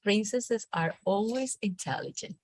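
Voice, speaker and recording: A woman teacher with a Colombian accent, reading a storybook aloud to a class with expressive, animated delivery before moving on to teaching. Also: mid-range voice, a little slow, no echo. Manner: expressive, animated read-aloud with acted character lines. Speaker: teacher leading a reading workshop.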